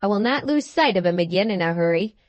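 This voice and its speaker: A woman voicing a hearty, jolly old country gentleman in an audiobook reading, speaking in a booming, exclamatory way. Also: animated, fast talker, no echo, close to an everyday voice. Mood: jovial.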